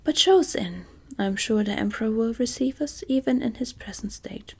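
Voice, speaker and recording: Cast: woman voicing earnest storybook scarecrow in whispered role-play, breathy. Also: on the high side, moderate pace, a little mellow. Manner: earnest, eager. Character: cheerful talkative male scarecrow.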